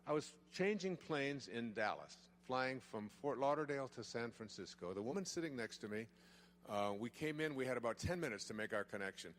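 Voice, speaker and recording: A middle-aged man giving a motivational lecture to a live audience, telling a story in an emphatic, expressive way. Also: medium pitch, a little fast, slight background noise. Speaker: motivational speaker. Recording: long reverb of a large hall.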